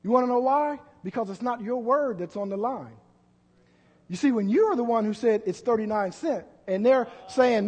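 A man preaching a sermon as pastor, full of rhetorical questions and swinging between loud and soft. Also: very high voice, very animated, moderate pace, breathy edge. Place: church. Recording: long church hall reverb.

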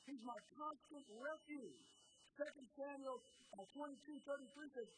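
A woman's voice: high-pitched, moderate pace, slight background noise, poor audio. Woman preaching a fervent sermon. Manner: exhorting, repetitive calls to the congregation. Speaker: pastor.

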